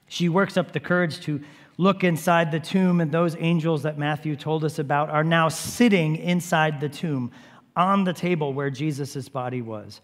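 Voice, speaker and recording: A man with a fairly high voice delivers a storytelling sermon, pressing his listeners again and again to picture the scene. His voice echoes with a long reverb, as in a large hall. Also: fairly even intonation, normal speed. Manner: vivid storytelling, urging listeners to imagine. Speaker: preacher.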